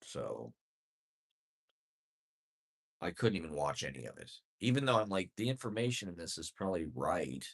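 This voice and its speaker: Man, deep voice, sardonic, self-mocking, profane, rambling monologue. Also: big pitch swings, moderate pace, vocal fry, pauses often. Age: adult. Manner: sardonic, self-deprecating, profane, chuckling asides.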